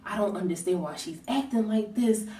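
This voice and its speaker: A woman's voice: mid-range voice, a little fast, dark tone, lightly acted. Brief: woman doing a laid-back young man playing things down, roomy echo. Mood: dismissive. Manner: brushing things off, repeating "blah, blah". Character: young man, calm, dismissive boyfriend. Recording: roomy echo, distant from mic.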